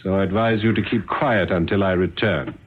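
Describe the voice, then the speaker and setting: A cold, menacing aristocratic husband on old radio. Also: male voice, sits low, a little fast, breathy edge. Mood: threatening. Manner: coolly threatening, sneering. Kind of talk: 1970s radio drama acting. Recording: tinny old radio broadcast.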